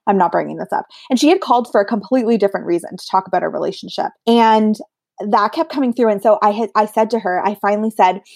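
Talking fast in a mid-range voice, this guest is a medium recounting stories during a casual interview. She's animated and performs the voices she quotes, and the studio sound is clean with no echo.

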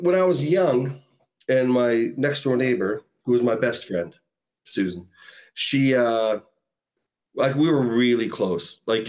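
Rambling man from Canada telling a story. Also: lowish voice. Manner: rambling, lots of "like" and "you know". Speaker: podcast guest, musician. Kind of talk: casual storytelling chat.

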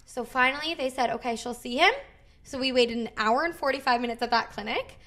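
A woman's voice: fairly high pitch, brisk, bright, forceful tone. A woman in her thirties, co-hosting a podcast, telling a story in casual chat, acting out the people she quotes and swearing freely. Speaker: podcast co-host.

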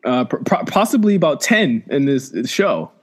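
A man's voice: mid-range voice, sing-song, moderate pace. A man co-hosting a podcast in casual live-watch chat, wisecracking and laughing often. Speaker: podcast co-host.

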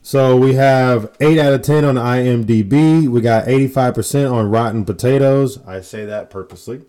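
A man's voice: mid-range voice, moderate pace, mellow, clean tone. A man co-hosting a casual podcast, teasing and blunt. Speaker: podcast co-host.

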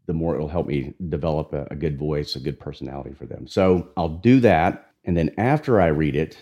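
A man who narrates audiobooks, with a deep, raspy voice, chatting in an easygoing, talkative way. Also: brisk. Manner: relaxed, talkative, with restarts. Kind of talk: conversational interview.

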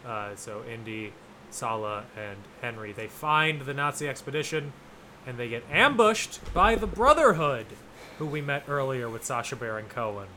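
A man's voice: medium pitch, moderate pace, slight background noise. A man co-hosting a podcast, casually recapping a film plot with jokes and fillers. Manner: joking, lively recapping with fillers. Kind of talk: casual chat.

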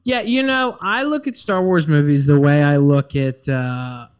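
A man co-hosting a casual chat, talking in an animated way with lots of fillers and acted-out quotes. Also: on the high side, unhurried, clear, resonant tone. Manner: animated, acts out quoted voices, many fillers. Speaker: podcast co-host.

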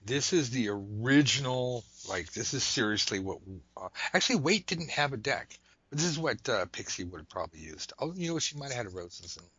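An adult man casually demonstrating a tarot card method at a table indoors, talking in a rambling, joking way with animated asides. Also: medium pitch, fairly quick, husky, no room sound. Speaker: tarot reader teaching a method.

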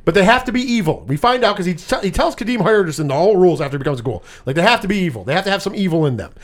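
A man with a high, lively voice that swoops up and down hosts a casual movie chat. He talks in a loose, profane way and jumps into quick impressions while retelling scenes. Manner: animated, profane, quotes scenes in put-on voices. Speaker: podcast host.

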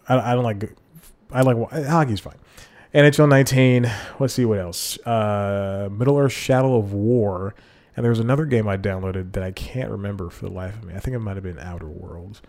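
A man's voice: lowish voice, a little mellow. A man hosting his own podcast alone, rambling casually with chuckling asides and frequent self-corrections, talking into a desk mic with headphones on. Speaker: podcast host. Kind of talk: solo podcast chat.

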